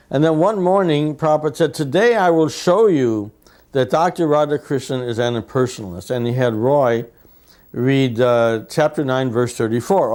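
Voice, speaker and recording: A man with a middle-pitched voice tells stories with lively energy. He acts out the lines of the people he quotes as he goes. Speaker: devotee telling anecdotes. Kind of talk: anecdotal storytelling.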